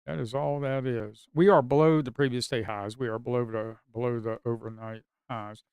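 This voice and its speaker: A man's voice: mid-range voice, normal speed, clean tone, no echo. Grumbling male day trader, dry close mic. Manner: grumbling, talks to viewers as folks, sudden excited outbursts. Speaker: day trader streaming live. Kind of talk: casual live market commentary.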